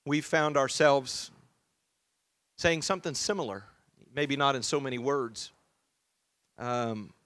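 A male pastor preaching a sermon in an easygoing, story-driven style, full of "uh"s and restarts. His voice sits a little high. The sound is dry and close, with no room echo. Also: a bit bright. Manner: conversational storytelling with many fillers.

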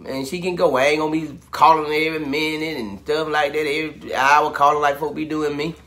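A man bantering with his wife as co-host, animated and joking. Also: fairly high pitch, a little fast. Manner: animated, joking, Southern US vernacular. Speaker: co-host, husband. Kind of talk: casual banter.

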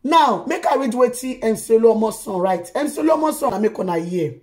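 A woman's voice: a little high, animated, fairly quick, darkish tone. A woman with a Nigerian Pidgin accent hosting a news vlog, chatting casually and tagging her phrases with exclamations. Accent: Nigerian Pidgin English. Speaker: vlog host reacting to news.

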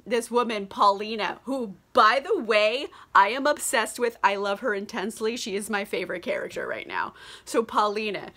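A woman's voice: mid-range voice, sharp tone. A tipsy young woman vlogging a casual, profane book summary, giggly and gushing, saying "like" all the time. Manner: giggly, crude, gushing, heavy on "like".

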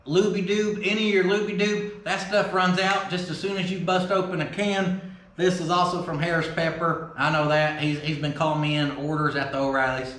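Excitable folksy man, high voice. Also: normal speed. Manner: folksy, excitable, swears casually. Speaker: vlog host opening fan mail. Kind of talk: casual chat. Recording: roomy echo.

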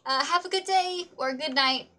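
A woman's voice: high voice, moderate pace, sharp tone. A woman streamer chatting casually while she plays, bubbly and self-mocking, humming sing-song nonsense sounds to herself. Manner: self-mocking, giggly asides. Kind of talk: casual gaming livestream chatter.

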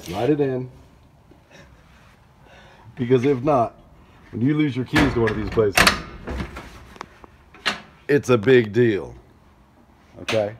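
A man vlogging outdoors at a storage facility, telling a story in a chatty, animated way and acting out other people's lines. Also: mid-range voice, slow pace, pauses often, noisy background. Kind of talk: casual storytelling vlog.

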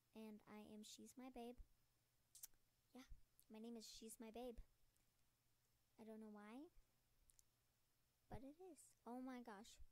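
A young woman giving casual commentary on her game as a gaming channel host, bubbly and chatty, dropping into whispers and bursting into sudden shouts. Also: on the high side.

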